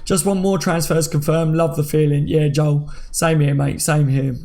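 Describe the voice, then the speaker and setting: Man, 30s, livestream host, gravelly fry, slightly high voice, chatty banter with viewers. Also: little pitch movement, normal speed, mellow. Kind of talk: casual live chat reading comments.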